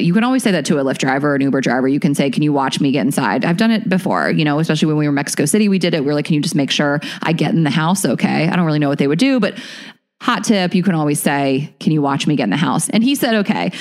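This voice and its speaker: A woman with a somewhat low voice tells a story in loose, chatty podcast talk. She fills her sentences with "like" and jumps into quoted lines as she goes, with the easy timing of a comic. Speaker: podcast guest, comedian and radio host. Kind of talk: casual storytelling.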